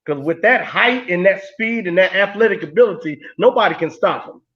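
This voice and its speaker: Emphatic high-voiced male guest on a dull line. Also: expressive, fairly quick. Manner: playful, confident, emphatic. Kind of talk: casual sports talk.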